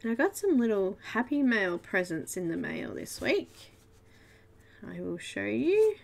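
Her mid-range voice is sing-song and a little slow, with some vocal fry. This Australian host of a live colouring stream works away while chatting and giggling with her viewers in a relaxed tutorial style.

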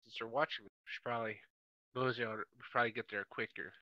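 A man's voice: medium pitch, fairly even intonation, rapid-fire, no echo, lo-fi sound. A man playing a tabletop game, chatting casually and joking with the table. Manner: joking and playful. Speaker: player.

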